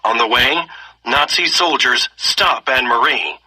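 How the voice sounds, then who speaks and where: A man reads a story aloud, expressive and steady, stopping now and then to ask lesson questions. His voice is very bright and sharp-edged, with a husky, breathy grain. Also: mid-range voice, a little slow, low-quality recording. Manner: expressive reading, slipping into character voices. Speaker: story reader.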